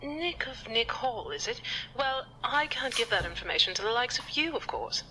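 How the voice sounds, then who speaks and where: Snobby fake-german shrink, bright high voice, bouncy pitch. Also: female voice, big pitch swings, moderate pace, slightly rough, exaggerated voice, poor audio. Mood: haughty. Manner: haughty, snobbish. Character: pompous female psychiatrist faking a German accent.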